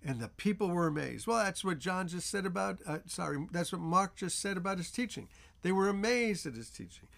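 A man's voice: high-pitched, lively intonation, fairly quick, creaky, fairly bright tone. A man teaching a Bible chapter as pastor, with earnest, repetitive emphasis.

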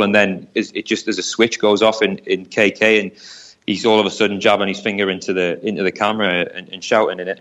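A man's voice: lowish voice, fairly bright tone. A man, a Newcastle fan, telling a long football story in a casual podcast chat, often repeating words as he thinks.

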